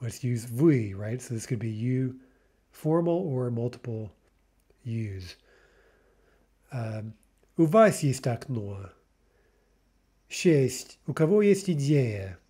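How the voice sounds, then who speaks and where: A man's voice: mid-range voice, animated, slow, long pauses, mellow, breathy edge. A man teaching a recorded language lesson, explaining patiently and often checking in with "right?".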